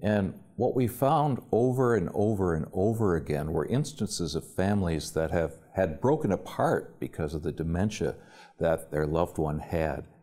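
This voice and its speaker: Male interviewee, earnest and emphatic, deep dark tone. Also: moderate pace. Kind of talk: recounting experience on camera.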